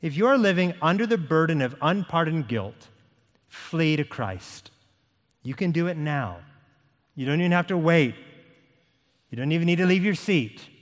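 Man, pastor, sermon, unhurried emphatic delivery, lively pitch, reverberant church hall. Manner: emphatic preaching, slow deliberate reading of scripture. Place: church sanctuary.

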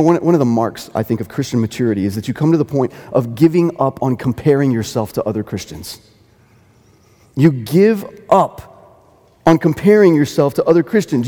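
A man's voice: mid-range voice, warm tone, long reverb tail. A man preaching a sermon as pastor, earnest, repeating phrases for emphasis and lifting into quoted dialogue.

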